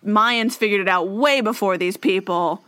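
A woman's voice: mid-range voice, moderate pace, bright, forceful tone, clean tone, no echo. A young woman co-hosting a casual history podcast, chatty and fond of playful tangents. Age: young adult. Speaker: podcast co-host.

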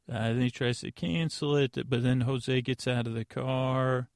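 A man hosting a podcast, giving a rambling, deadpan comedic recap of an episode with lots of fillers and restarts. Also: mid-range voice, a little slow, creaky, hardly any pauses, no room sound, clean studio sound. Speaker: podcast host.

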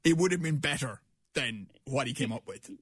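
A Cork Irish man hosts a radio chat, joking and rambling as he goes. His pitch swings widely, and his voice is a little husky. The sound is close and dry. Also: expressive, normal speed, dry recording. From Ireland. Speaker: radio host.

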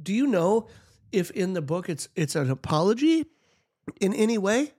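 A man's voice: high voice, sing-song, normal speed, a little mellow, husky. A man with a stuffy cold, co-hosting a podcast in casual chat, blunt and joking. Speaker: podcast co-host.

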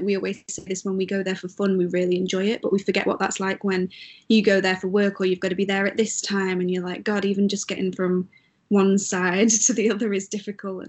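Breathy young Englishwoman chatting. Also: mid-range voice. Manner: chatty and self-deprecating, laughs often. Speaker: podcast co-host. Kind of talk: casual chat.

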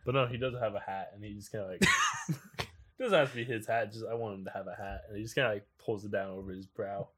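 A player at a tabletop game describes their character in a soft, halting way. The voice is husky and sits in a middling pitch. They pause often while talking. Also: huge pitch swings. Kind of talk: casual tabletop game chat.

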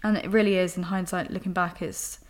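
A woman's voice: lowish voice, steady tone, brisk. A young woman hosting a podcast, talking frankly and emotionally about her own life, with casual swearing. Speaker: podcast host. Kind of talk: candid personal monologue.

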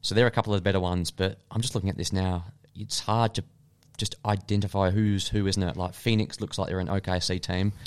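A man's voice: sits low, fairly even intonation, fairly quick, clear, resonant tone. A man co-hosting a podcast, chatting casually and opinionatedly about basketball. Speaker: podcast co-host. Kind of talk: casual sports chat.

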